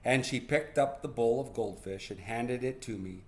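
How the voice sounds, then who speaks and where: A man reading a children's picture book aloud as a read-aloud host. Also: medium pitch. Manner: slow and expressive. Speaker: storybook reader.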